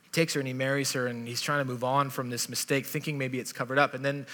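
A man's voice: mid-range voice, little pitch movement, quick pace, a bit bright. A male pastor preaching a sermon and retelling a story in a casual, conversational way. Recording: long reverb of a large hall.

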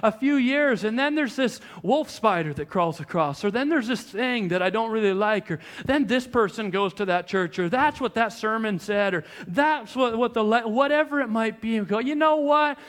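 A young adult man, a pastor, preaching a sermon in a conversational, animated storytelling way with frequent restarts. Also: sits high, normal speed, few pauses.

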